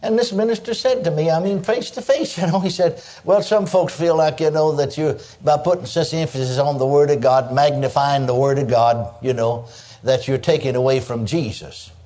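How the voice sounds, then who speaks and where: An older man preaching a sermon in a folksy, animated way, dropping in frequent exclamations of praise. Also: on the high side, normal speed.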